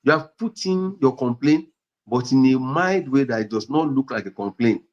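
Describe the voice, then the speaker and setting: A man's voice: medium pitch, animated, normal speed, darkish tone, highs cut off. A man with a Nigerian accent giving earnest marriage counseling advice, repeating points and acting out example dialogues.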